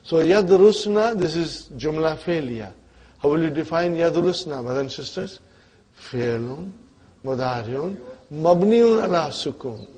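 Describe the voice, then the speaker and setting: A man's voice: on the high side, expressive, warm tone, breathy edge. A man teaching an Arabic grammar lesson, quizzing his students and checking often whether they are following along. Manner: patient, repeats terms slowly.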